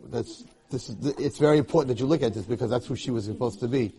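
Man, torah lecturer, husky mellow voice, animated storytelling, lots of restarts. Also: medium pitch, fast talker.

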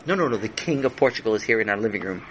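A man voicing an eager young boy who insists and repeats himself in excitement. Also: on the low side, racing, slight background noise. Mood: insistent.

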